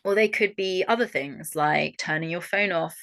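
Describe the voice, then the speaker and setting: A young Australian woman coaching a workshop audience in a frank, animated way and swearing freely. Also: on the low side, moderate pace, creaky. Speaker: holistic coach. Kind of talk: online workshop talk.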